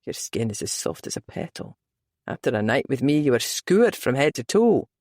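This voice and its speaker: A woman narrator voicing a tender, teasing Scottish man in a lowered voice for an audiobook. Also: sing-song, fairly quick, darkish tone, dry recording, studio quality, lightly acted. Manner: low, teasing, murmuring. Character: gruff tender Scottish male lover.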